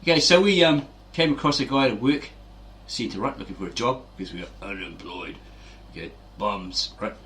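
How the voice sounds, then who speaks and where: His voice sits on the low side, fairly bright, at a moderate pace. He's a fitness channel host giving a casual motivational monologue, chatty and full of meandering anecdotes, often asking "right?".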